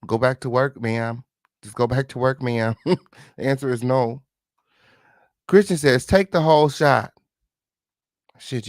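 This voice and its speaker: A man's voice: mid-range voice, no room sound. Host, man, sarcastic slangy commentary on court papers, mid-range voice, dry close sound. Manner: sarcastic, slangy, talks back to the text; drawn-out mocking quoted voices. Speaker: online show host. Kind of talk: commentary reading court documents to a live chat.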